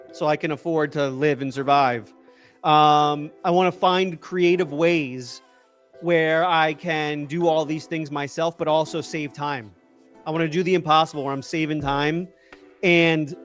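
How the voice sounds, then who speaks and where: An excitable man talks loosely in a casual livestream, rambling, breaking off and picking his thought up again. His voice sits a little high for a man. Faint music plays underneath. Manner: rambling and excitable, trailing off and restarting. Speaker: tech YouTuber answering live chat.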